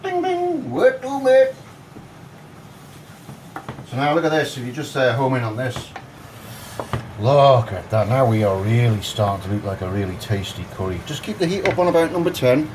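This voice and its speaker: A man's voice: medium pitch, animated, a little fast, background noise. A man giving a casual, cheeky and crude cooking demonstration in his home kitchen. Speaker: home cook.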